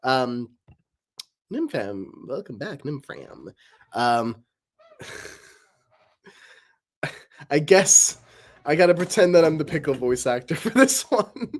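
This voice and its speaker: A woman's voice: low-pitched, big pitch swings, slow pace, long pauses. A woman chatting casually and answering viewer voice requests, giggling and rambling between them. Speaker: voice-request streamer. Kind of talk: casual Q&A chat.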